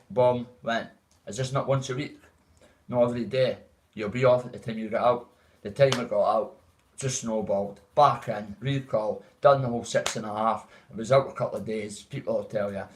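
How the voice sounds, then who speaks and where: A man's voice: medium pitch, rough recording. A man with a Dundee Scottish accent, chatting casually and at length to viewers on a livestream, calling them mate. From Dundee, Scotland. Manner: rambling, greets chat as mate. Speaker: livestream host. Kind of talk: casual live chat.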